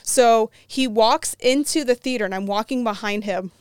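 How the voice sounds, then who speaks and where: Animated woman telling a story, clear voice. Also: on the high side, moderate pace, dry recording. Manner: animated storyteller, acts out quotes. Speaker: co-host. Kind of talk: casual chat.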